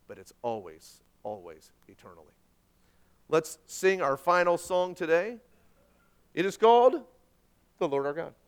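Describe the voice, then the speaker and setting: A man preaching a sermon as pastor, earnest and often trailing off softly at the ends of phrases. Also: mid-range voice.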